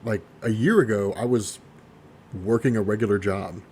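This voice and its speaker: A man's voice: lowish voice, moderate pace, a little mellow, slight background noise. A man co-hosting a podcast, rambling in a casual chat with many fillers. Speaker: podcast co-host.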